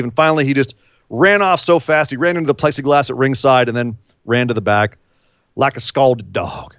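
A man co-hosting a podcast in casual chat, animated, with incredulous outbursts and quick asides. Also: medium pitch, smooth, no echo. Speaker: podcast co-host. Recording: dull, lo-fi dry sound.

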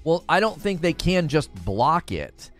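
A man's voice: fairly high pitch, very animated, unhurried, a bit bright, soft background music. A man hosting a live stream, reading chat aloud and ranting sarcastically about the news. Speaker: livestream host.

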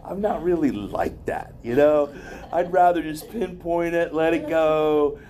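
A man's voice: on the high side, measured pace, dark tone. A man giving a motivational wellness talk to a group in a loose, conversational way, full of asides and personal stories. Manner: rambling, conversational, with many asides.

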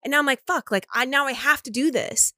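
A woman in her thirties from Florida, co-hosting a podcast and telling stories in an animated, profane way. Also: sits high, fast, no room sound, studio quality. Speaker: podcast co-host. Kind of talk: casual chat.

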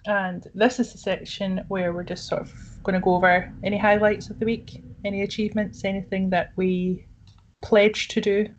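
A woman co-hosting a podcast in casual chat, chatty and quick to laugh. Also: medium pitch, poor audio. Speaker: podcast co-host.

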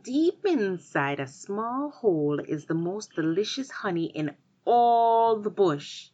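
A woman voicing a clever, polite young girl in a storybook tale, speaking calmly and firmly. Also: medium pitch, takes it slowly, muffled recording, voice pushed up.

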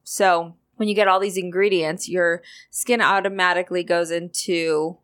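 A woman hosting a podcast in casual chat, talking in a chatty, expressive way and laughing easily. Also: lowish voice, normal speed. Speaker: podcast host.

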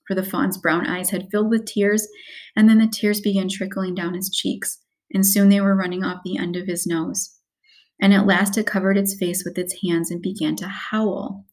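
A woman narrating a children's story aloud in a steady storytelling read. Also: medium pitch, moderate pace. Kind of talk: audiobook narration.

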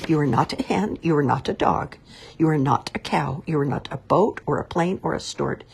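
A woman's voice: sits low, animated, normal speed, gravelly, a little mellow, slightly rough, heavily acted. A woman voicing an eager little baby bird boy searching for his mother, with a pleading, wide-eyed, earnest manner.

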